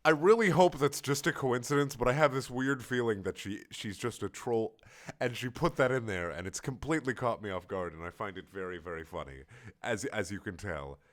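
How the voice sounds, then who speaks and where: A man's voice: medium pitch, brisk. A young man doing a sarcastic comedic reading of a fan story, exasperated and swearing a lot.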